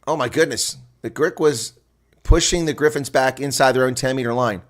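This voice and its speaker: Excitable man calling rugby play-by-play. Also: mid-range voice, normal speed. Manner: excitable, exclaiming, chatty asides to viewers. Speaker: solo rugby commentator. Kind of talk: live reaction play-by-play commentary.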